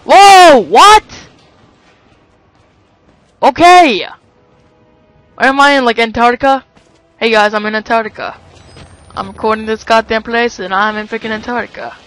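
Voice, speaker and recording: A man's voice: high-pitched, steady tone, fairly quick, sharp tone, smooth, no room sound, soft background music. A man doing let's play commentary over a horror game, switching between jokey asides and panicky yelps. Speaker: gaming commentator.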